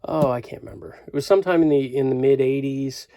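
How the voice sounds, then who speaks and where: A man's voice: medium pitch, quick pace, warm tone, no room sound. A man in his fifties from Canada, flipping through his record collection in a rambling, enthusiastic casual vlog full of fillers.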